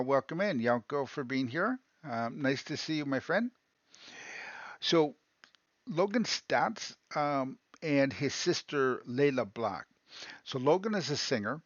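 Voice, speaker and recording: Man, livestream host, casual chat, hesitant restarts, mid-pitched voice, dull dry audio. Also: fairly bright tone, no echo. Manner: halting, many ums and restarts. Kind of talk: casual talk to a live chat.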